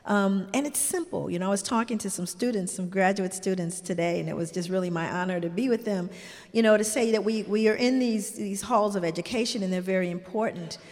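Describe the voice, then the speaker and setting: A woman's voice: medium pitch, fairly quick, a little mellow. An older woman, a grandmother, telling stories in an earnest, heartfelt way, full of "you know" asides. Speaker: guest. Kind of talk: reflective storytelling in conversation. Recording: long hall reverb.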